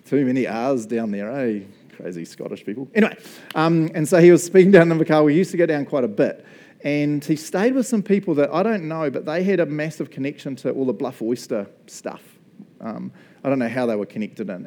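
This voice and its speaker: Mellow-voiced New Zealand preacher, chatty. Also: male voice, fairly high pitch. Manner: chatty, jokey, animated storyteller. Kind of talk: casual sermon with storytelling.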